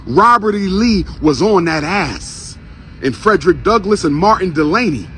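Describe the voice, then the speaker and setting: A man with a high voice delivers a fiery street speech to a gathered crowd. He drives each point home by repeating it, rising and falling like a preacher. Faint traffic hums behind him outdoors. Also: expressive, moderate pace, fairly bright tone. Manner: repeats lines for emphasis, preacher-like cadence. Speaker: street speaker. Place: outdoors on a city street by a historical marker.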